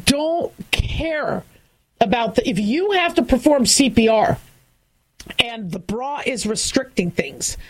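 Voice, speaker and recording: Woman, talk show host, middle-aged, frank, chatty, restarts a lot, slightly high voice. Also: lively intonation, slow pace, rough recording. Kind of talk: casual talk radio monologue.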